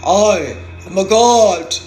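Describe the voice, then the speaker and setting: A woman putting on the voice of a boastful grown man who proclaims himself a god, speaking in a slow, grand, self-important way. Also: medium pitch, warm tone, roomy sound, natural voice. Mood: grandiose.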